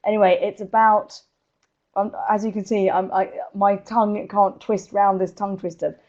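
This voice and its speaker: Energetic woman speaker, dull call audio. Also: medium pitch, normal speed. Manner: energetic, laughing often. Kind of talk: live webinar talk.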